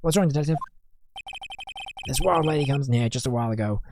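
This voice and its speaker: A man voicing a gruff, loyal male police detective from a video game, with a rough, chummy manner. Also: medium pitch, fast talker, noisy background, voice pushed up, lightly acted. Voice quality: rough, calls everyone "pal".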